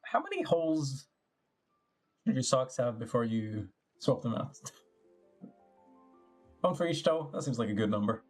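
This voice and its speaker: A man's voice: mid-range voice, big pitch swings, a little slow, long pauses, faint music behind. A man streaming a video game live, making sarcastic, joking comments and swearing freely.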